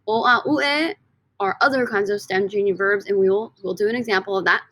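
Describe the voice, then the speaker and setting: A woman teaching a recorded lesson from slides in an upbeat, teacherly way, often stretching words out slowly for emphasis. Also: medium pitch, fairly bright tone. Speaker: Spanish teacher.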